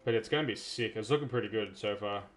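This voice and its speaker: A man from South Australia with an Australian accent, giving chatty, excitable live commentary while streaming a game. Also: on the low side, fast talker. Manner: chatty, excitable, self-interrupting. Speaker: gaming streamer.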